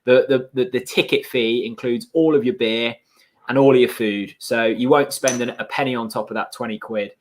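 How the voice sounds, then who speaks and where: A man co-hosting a football fan watchalong, relaxed and teasing as he reads comments and shares news. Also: mid-range voice, normal speed. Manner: relaxed, teasing, many fillers and restarts. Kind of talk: casual fan chat.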